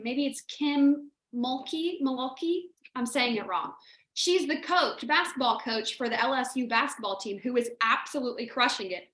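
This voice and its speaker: A woman's voice: high-pitched, fairly bright tone, roomy sound. A woman hosting a motivational livestream for her clients, talking straight to viewers in an emphatic, repetitive and emotional way. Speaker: business mentor hosting a livestream.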